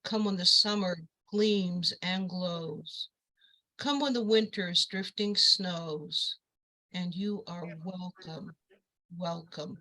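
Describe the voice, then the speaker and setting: Casting: woman poetry reader, tender and lyrical, slow, bright tone. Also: lowish voice, rough recording.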